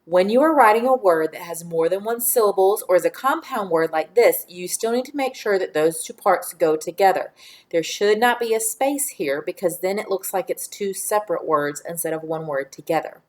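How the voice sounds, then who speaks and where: A woman teaching a children's phonics lesson, giving clear directions and encouraging praise. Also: on the low side, lively intonation. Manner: slow, clear, drawn-out words.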